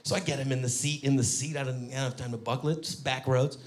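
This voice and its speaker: A man in his thirties doing a stand-up comedy set on stage, telling animated stories and breaking into high squeaky voices for his kids. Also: fast talker. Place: comedy stage before a live audience.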